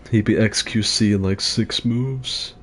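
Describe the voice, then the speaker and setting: A man's voice: on the low side, steady tone, slow, fairly bright tone, slightly rough. A man rambling casually as he comments on his own gameplay, with loose filler-heavy talk and swearing. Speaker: gaming streamer.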